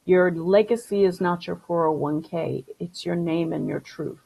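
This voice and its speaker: A woman's voice: on the low side, normal speed, creaky, dark tone, husky, low-quality recording. A woman guest, a spiritual healer, chatting upbeat and affirming, often repeating her phrases. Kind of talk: casual interview chat.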